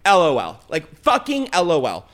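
A young man hosts his show and tells a messy night-out story with big drama. His voice sits a bit high and jumps all over the place as he acts out what everyone said. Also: moderate pace. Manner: animated, swearing, dramatic retelling with put-on quotes. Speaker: podcast host. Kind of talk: casual storytelling chat.

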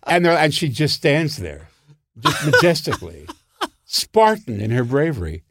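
A man's voice: on the high side, measured pace, no room sound. An older man, a comedy writer, telling anecdotes animatedly and often laughing. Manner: animated, acts out voices and laughs a lot. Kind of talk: anecdotal storytelling.

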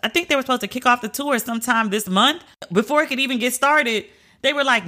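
Host brief: woman, bright forward tone, candid chatty celebrity-news commentator, emphatic asides. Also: a little high, expressive, fairly quick. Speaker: pop culture commentator.

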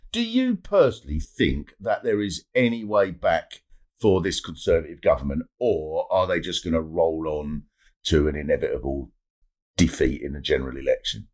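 A man hosting a casual chat, swearing freely and speaking in an animated, comic way. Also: low-pitched. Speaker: host.

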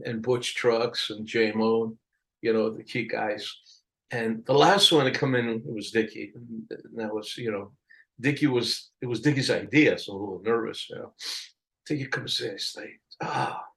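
An older man telling a story in a casual interview, animated, acting out the people he quotes and laughing often. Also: mid-range voice, poor audio. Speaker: album cover artist telling a story.

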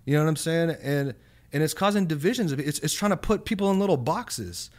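A man's voice: on the high side, lively intonation, fairly quick. A man talking in a loose casual chat, rambling with many fillers and restarts, and swearing now and then.

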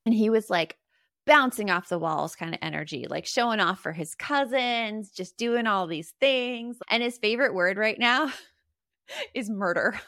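A middle-aged woman co-hosting a podcast, telling lively family stories and acting out the voices of the people in them. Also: mid-range voice, unhurried, no echo, clean studio sound. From Arizona, US. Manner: animated storyteller, acts out quotes. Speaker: podcast co-host. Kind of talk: casual chat.

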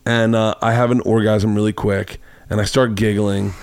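A man's voice: lowish voice, little pitch movement, normal speed, darkish tone, clean tone, no echo. A man hosting a podcast, telling a long rambling anecdote in casual chat and acting out the quoted lines. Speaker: podcast host. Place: home studio.

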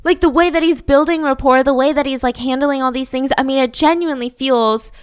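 A woman's voice: high voice, brisk. A young woman hosting a podcast, telling a crime story in a chatty, conversational way. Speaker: podcast host. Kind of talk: casual true-crime storytelling.

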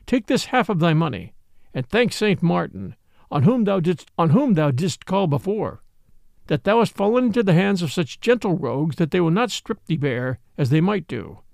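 Guy doing a cheeky storybook outlaw boss, jaunty old-timey talk, higher and gravelly. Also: very animated, normal speed, darkish tone, dry recording, clean studio sound, heavily acted. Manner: jaunty, teasing, old-fashioned speech. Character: bold merry outlaw leader, grown man, cheeky.

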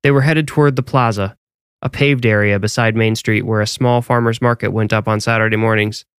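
Smooth low-voiced male horror narrator. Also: fairly even intonation, brisk, dry recording, studio quality. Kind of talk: scripted horror story narration.

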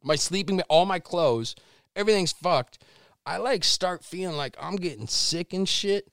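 Animated, foul-mouthed male storyteller, dry sound. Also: high-pitched, measured pace, no echo. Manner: animated, swears constantly, acts out quotes. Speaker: podcast guest. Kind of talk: casual storytelling interview.

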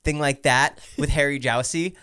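A man co-hosting a podcast in casual chat, playful, with quick reactions and laughs. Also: a little high, fairly even intonation, pushed and bright, smooth. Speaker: podcast co-host.

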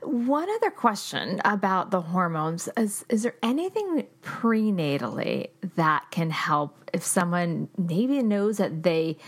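A woman hosting a podcast who offers short affirmations and asks careful questions. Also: lowish voice. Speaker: podcast host. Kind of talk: interview questions.

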